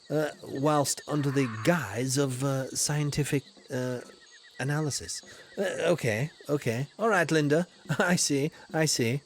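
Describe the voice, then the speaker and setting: A man with a Yorkshire accent streaming a game, chatting in a playful, mock-posh way and loudly greeting viewers. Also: fairly high pitch, measured pace, a little hiss or hum. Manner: playful, mock-posh, swings between loud greetings and mumbles. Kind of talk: comedic game livestream commentary.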